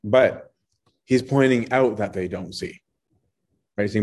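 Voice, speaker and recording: A man with a fairly low voice walks through scripture in a relaxed, conversational way. He keeps tagging his points with a quick "right?" to check his listeners are following. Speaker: Bible teacher. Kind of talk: casual Bible study teaching.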